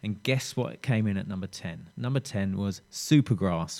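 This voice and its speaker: A man's voice: lowish voice, normal speed, gravelly, few pauses, a little mellow. A middle-aged man presenting a music radio show in a chatty, rambling way, often breaking off mid-thought. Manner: chatty, rambling, self-interrupting. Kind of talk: casual radio chat.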